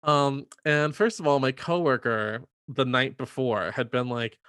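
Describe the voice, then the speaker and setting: A man's voice: mid-range voice, a little slow, no room sound. Brief: male storyteller, conversational, filler-heavy delivery, dry close sound. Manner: animated, lots of "like" fillers, acts out quoted voices. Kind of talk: casual storytelling chat.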